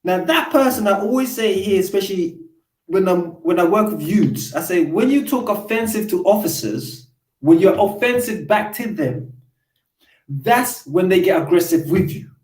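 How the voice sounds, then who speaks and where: Male host, high voice, lecturing chat manner, echoey room. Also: expressive, moderate pace, darkish tone. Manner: lecturing, acts out quoted exchanges. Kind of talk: casual live chat. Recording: roomy echo.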